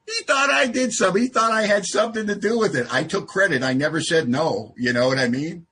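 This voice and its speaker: Very husky man telling a lively story. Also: high-pitched, brisk, hardly any pauses. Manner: animated comic storyteller who acts out dialogue. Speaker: AA speaker. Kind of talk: recovery meeting share, humorous storytelling.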